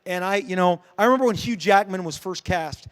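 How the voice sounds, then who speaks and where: Middle-aged man, high voice, lively fan-panel storyteller, quick jokes with the crowd. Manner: animated storytelling, joking with the audience. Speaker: comic book creator on a convention panel. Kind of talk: convention panel Q&A. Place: dark convention panel room.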